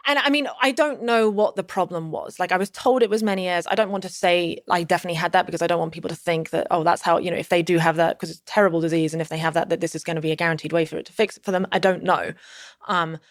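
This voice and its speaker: A woman's voice: on the low side, fairly even intonation, fast talker, no room sound, studio quality. A woman as a podcast guest, telling a personal story casually, rambling with many fillers and restarts.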